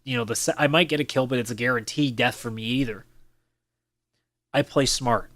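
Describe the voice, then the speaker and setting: A man's voice: medium pitch, normal speed, a bit bright, no echo. Blunt, profane male podcast host. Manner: blunt and profane, mocking other players in put-on voices. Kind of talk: casual solo podcast rant. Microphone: camera with mic on a desk.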